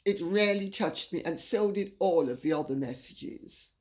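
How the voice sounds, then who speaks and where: A woman's voice: fairly low pitch, expressive, measured pace. An older woman hosting her channel, reading viewer messages aloud and laughing often as she reads. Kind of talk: casual chat.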